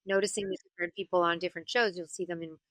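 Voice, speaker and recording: A woman voice actor and singer chatting as an interview guest, telling stories in an animated way and slipping into character voices. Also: fairly low pitch, racing, no echo. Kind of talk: casual interview chat.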